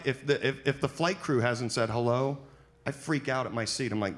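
A man doing a stand-up comedy set on a club stage, playful, often breaking into high panicked voices for his bits. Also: brisk, a little hiss or hum.

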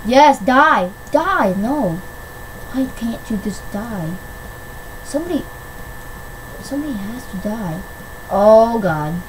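Woman, gameplay commentary, excitable, shrieky, higher voice, light background noise. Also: slow, long pauses, rough recording. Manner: excitable, shrieks when winning. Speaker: gamer. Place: at home on a PC.

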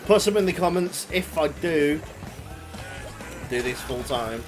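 A man giving excitable, swear-heavy let's play commentary, yelling at the game as he plays. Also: fairly high pitch, measured pace. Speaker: gaming YouTuber. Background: game music.

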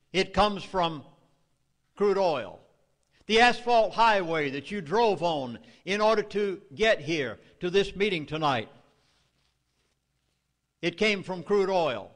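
A middle-aged man with a Southern US accent addresses a meeting in a public speech. He speaks in a fairly high voice. He delivers his warnings emphatically and urgently. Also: fairly bright tone, long reverb tail.

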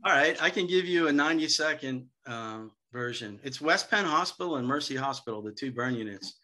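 A middle-aged man speaking as a seminar guest, telling lively anecdotes about selling to hospitals and acting out the dialogue. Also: medium pitch, brisk. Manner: lively storyteller, acts out quoted dialogue.

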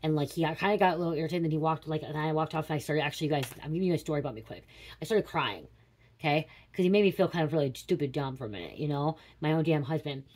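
A woman's voice: deep voice, very fast, a little mellow. A woman in her late thirties doing a casual psychic reading, rambling and confiding with casual swearing. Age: 30s. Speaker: tarot reader.

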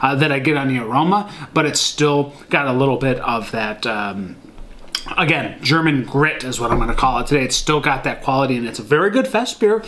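A man's voice: mid-range voice, a little fast, fairly bright tone, slight background noise. A man casually reviewing a beer at home, talking to viewers with lots of fillers and a rambling manner. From Michigan. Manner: rambling, many fillers, addresses viewers as guys.

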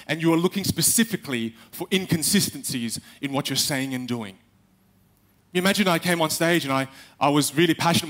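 Animated man speaking on a stage. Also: a little high. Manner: animated, acts out quotes, addresses the audience directly. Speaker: speaker giving a stage talk. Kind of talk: live stage talk. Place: stage in a large hall with a live audience.

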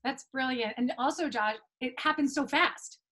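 A woman's voice: high-pitched, normal speed, pushed and bright, rough recording. A woman who is a guest on an interview show, talking in a chatty, reflective way. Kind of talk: casual interview chat.

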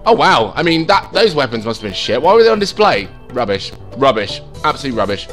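Excitable sweary gamer. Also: male voice, a little fast, soft background music. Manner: excitable, sweary, jumps in pitch. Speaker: gaming channel host. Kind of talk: let's play commentary.

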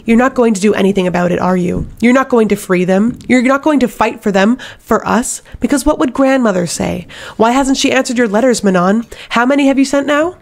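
A woman doing a furious shouting witch warrior. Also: on the high side, slow, creaky, few pauses, voice pushed up. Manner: shouting, bitter.

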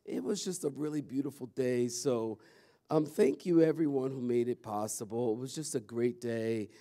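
A man's voice: medium pitch, normal speed. A man, a pastor talking casually and animatedly to his congregation in a church. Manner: chatty and animated, calls out to the audience. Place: church sanctuary.

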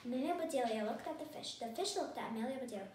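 A woman reads a children's storybook aloud with an expressive, animated lilt. Her voice sits high. She sounds a little distant from the mic, in a room with noticeable echo. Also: rapid-fire, a little hiss or hum. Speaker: storybook reader.

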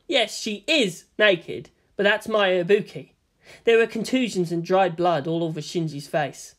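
A woman narrating a fan fiction story in an expressive storytelling manner. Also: lowish voice, moderate pace.

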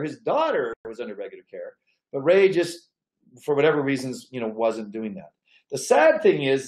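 A man with a fairly high voice talks to fellow chiropractors in a folksy, emphatic storytelling manner. He calls his listeners "folks" and presses his points hard. The room around him echoes. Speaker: chiropractic coach.

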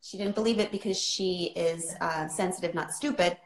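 A woman's voice: fairly low pitch, normal speed, roomy sound, noisy background. A woman author telling a personal story in a livestream chat, impassioned and often asking "right?". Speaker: author guest.

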